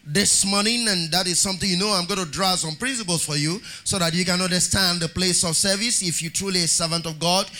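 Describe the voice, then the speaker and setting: A man's voice: high-pitched, brisk, hardly any pauses, pushed and bright, faint music behind. A man preaching a sermon as pastor, reading scripture aloud in a sing-song cadence and calling on the congregation for amens.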